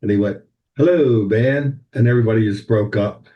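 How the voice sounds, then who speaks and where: An older man, a guest on a podcast, recalling old times in an animated, anecdotal way. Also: lowish voice, fast, lo-fi sound. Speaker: band president, guest. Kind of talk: podcast interview, storytelling.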